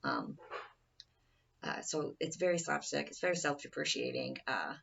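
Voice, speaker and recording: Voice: medium pitch, wildly swooping pitch, normal speed, vocal fry, a bit bright, slightly rough, muffled recording. A person giving an informal presentation speech in a rambling, casual way, often restarting sentences, recorded from a distance.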